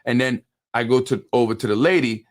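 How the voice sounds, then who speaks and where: A man's voice: mid-range voice, brisk. A man hosting a live call-in show on local politics, telling a long story with energy, acting out what others said and repeating words when worked up. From New York.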